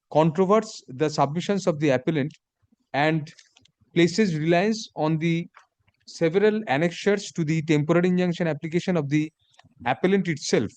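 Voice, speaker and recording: A man, speaking as a judge and dictating a court order in measured phrases, saying the punctuation aloud. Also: fairly high pitch, darkish tone, dry recording.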